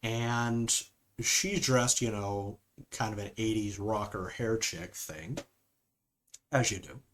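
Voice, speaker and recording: A man's voice: fairly low pitch, slow, a bit bright, slight background noise. A man giving a casual spoken film review, rambling with frequent fillers and "okay?" asides.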